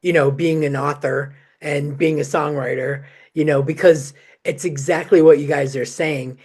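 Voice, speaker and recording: A man with a fairly high voice hosts a podcast conversation. He talks chattily, with loose sentences and lots of fillers. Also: fairly even intonation, moderate pace, a little mellow, husky. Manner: chatty, full of "you know" fillers. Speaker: podcast host.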